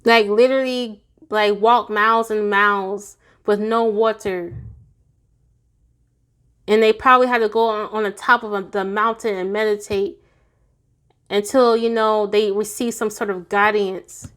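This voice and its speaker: A woman's voice: mid-range voice, steady tone, a little slow, fairly bright tone, clean tone. A woman giving a casual tarot reading to her viewers, chatty and goofy, laughing often and sounding tired. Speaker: tarot reader.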